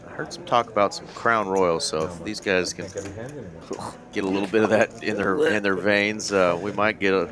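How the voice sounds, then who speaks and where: A man's voice: sits low, fairly even intonation, moderate pace. A man with a Southern American accent co-commentating a live poker stream in a friendly, chatty way. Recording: loud crowd noise in background.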